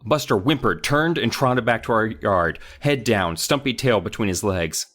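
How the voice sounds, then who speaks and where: A man's voice: on the low side, lively intonation, normal speed, few pauses, fairly bright tone. A man co-hosting a comedy podcast, reading a story aloud and joking about it animatedly. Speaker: podcast co-host.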